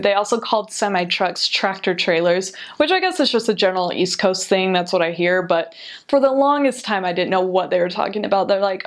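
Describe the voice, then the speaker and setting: A woman's voice: medium pitch, expressive, brisk. A young woman telling a casual, amused story, speeding up in bursts.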